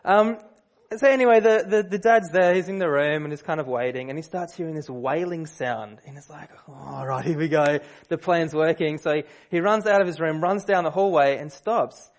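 A man preaching a sermon, telling a story in a relaxed, conversational way with fillers and restarts. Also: a little high, brisk.

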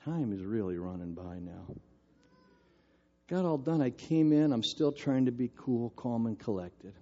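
An older man preaching a sermon, telling a story in a lively, self-mocking way. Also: mid-range voice, measured pace, dull audio.

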